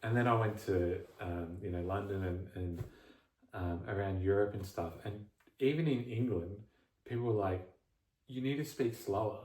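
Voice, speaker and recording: Australian male co-host, halting and rambling, low-pitched, distant and roomy. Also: darkish tone. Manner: rambling, halting, many restarts and fillers. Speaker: podcast co-host. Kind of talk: casual chat.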